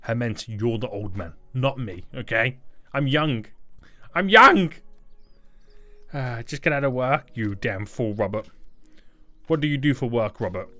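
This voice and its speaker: A man's voice: medium pitch, normal speed, soft background music. A young man doing playful, teasing livestream commentary while he plays a game and reads out donations. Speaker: gaming YouTuber reading donations.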